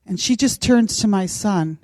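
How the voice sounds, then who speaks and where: A middle-aged woman tells a personal story in a relaxed, chatty way, acting out the voices of the people in it. Her voice is mellow and warm at a middle pitch. The recording is close and dry. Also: unhurried, no room sound. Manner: animated, acts out quoted voices. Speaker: podcast co-host. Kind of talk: casual storytelling.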